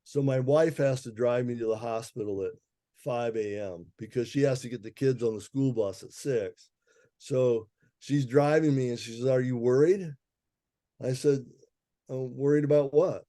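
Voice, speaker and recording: A man's voice: mid-range voice, normal speed, mellow, no room sound, clean studio sound. A man, an herbalist guest, telling a personal story in a casual interview, laughing often and acting out the people he quotes.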